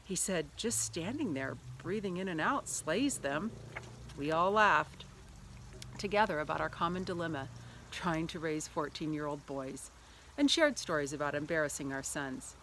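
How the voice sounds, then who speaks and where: A woman's voice: low voice, normal speed, a little hiss or hum. A middle-aged woman giving a church devotional through a personal story, acting out the lines she quotes. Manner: lively storyteller who acts out quoted lines.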